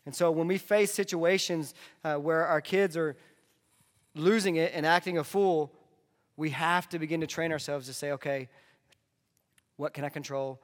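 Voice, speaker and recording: A man delivering a conversational sermon as a pastor, dropping into soft asides. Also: on the high side, fairly even intonation, normal speed, long pauses. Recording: long hall reverb.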